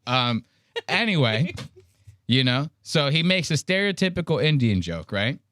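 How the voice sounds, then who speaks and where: A man hosting a podcast, rambling through animated, casual commentary on a clip he's watching, full of asides. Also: medium pitch, measured pace, no room sound, studio quality. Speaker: podcast host.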